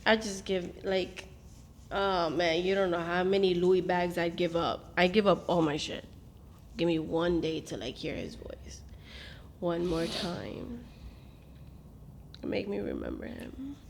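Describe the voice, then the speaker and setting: A woman's voice: fairly low pitch, unhurried, vocal fry, pauses often, noisy background. A middle-aged mother talking through family memories, switching into Spanish and acting out what people said. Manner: switches into Spanish, acts out quotes. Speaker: mother and host. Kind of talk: emotional family reminiscing.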